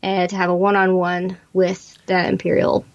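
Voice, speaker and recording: A woman's voice: fairly low pitch, monotone, normal speed. Chatty woman podcaster, muffled audio. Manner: chatty, rambling, laughs often. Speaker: podcast co-host. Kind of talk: casual recap chat.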